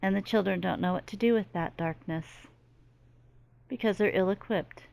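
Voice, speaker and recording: With vocal fry and a darkish tone, a middle-aged woman at mid pitch and normal speed delivers a channeling monologue as a medium. She sounds earnest and emphatic and repeats herself a great deal.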